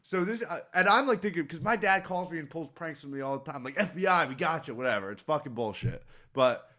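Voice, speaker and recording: A man's voice: a little high, a little fast, pushed and bright. A young man co-hosting a podcast, telling a story in casual, profane chat and acting out the voices of people he quotes. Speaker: podcast co-host.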